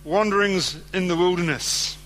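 A man's voice: high-pitched, fairly even intonation, moderate pace, fairly bright tone, a little hiss or hum. A man preaching a sermon, reading scripture aloud and speaking conversationally, often putting questions to his listeners.

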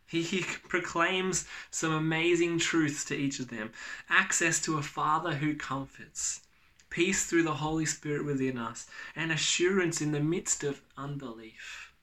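A man's voice: fairly high pitch, bright, forceful tone. A man preaching a sermon to his church, earnest and emphatic, often repeating key phrases. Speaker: pastor.

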